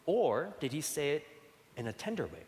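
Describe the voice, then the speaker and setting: A man preaching a sermon in a conversational way, asking rhetorical questions and dropping to soft, tender tones. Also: a little high, huge pitch swings, normal speed. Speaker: pastor. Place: church sanctuary. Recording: long hall reverb.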